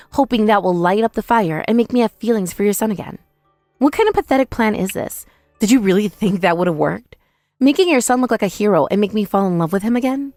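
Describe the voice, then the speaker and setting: A woman's voice: medium pitch, a little mellow, dry recording. Woman, first-person drama narrator, scolding, confrontational, dry close sound.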